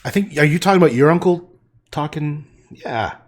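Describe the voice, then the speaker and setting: A man's voice: on the high side, lively intonation, moderate pace. Rambling, joking man. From Canada. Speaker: livestreaming painter. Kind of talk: casual livestream chat.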